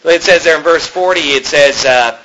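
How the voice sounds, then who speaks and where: A man's voice: fairly high pitch, moderate pace, sharp tone, poor audio. A man preaching a sermon, reading scripture aloud and then explaining it in an earnest, conversational way. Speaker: pastor.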